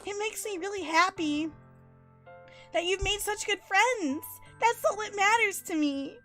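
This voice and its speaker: A woman voicing a cheerful teenage girl who hides deep sadness, reading a visual novel's lines aloud. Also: normal speed, a bit bright, faint music behind. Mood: sad. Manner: read aloud casually from game text.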